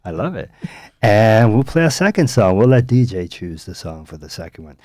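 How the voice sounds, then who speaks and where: A man with a fairly low voice hosting a radio talk show, easygoing and conversational. He is recorded close on a studio microphone with a dry sound and no room echo. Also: very animated, moderate pace, a little mellow. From United States. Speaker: radio host.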